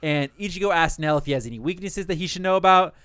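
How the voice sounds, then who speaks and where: A man recapping a cartoon plot in a casual, animated way, full of swearing and laughs. His voice is smooth and clear and sits a little high. The sound is dry and close. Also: fast talker, no room sound. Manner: animated, profane, laughs often.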